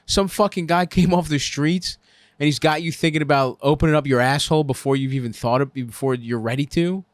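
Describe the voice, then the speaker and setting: A man's voice: on the high side, a little fast, dry recording. A man hosting a comedy advice show, ranting crudely and laughing at his own jokes on a close mic.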